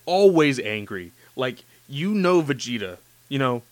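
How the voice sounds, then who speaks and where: An excitable man talks in a casual chat, gushing with enthusiasm and filling every pause with "like" and "you know". His voice is smooth and clear, at a middle pitch. It is recorded close and dry, with no room sound. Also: no echo. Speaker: podcast host discussing anime.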